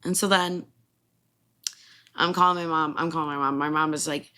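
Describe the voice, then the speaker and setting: A woman in her twenties, a podcast host from Illinois, telling a story in a casual, animated way, laughing and swearing freely. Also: low voice, moderate pace, clear, resonant tone.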